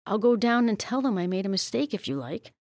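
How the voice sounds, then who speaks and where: A woman's voice: mid-range voice, sing-song, brisk, darkish tone, no room sound, clean studio sound, pitched above the performer's own voice. A woman reading aloud as an absent-minded young male schoolteacher who sounds flustered and apologetic.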